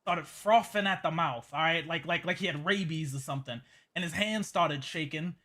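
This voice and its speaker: A man's voice: fairly high pitch, moderate pace, a bit bright. A man telling a rambling in-character story in a roleplay, stammering and repeating himself. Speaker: roleplay character giving a statement. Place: game voice chat.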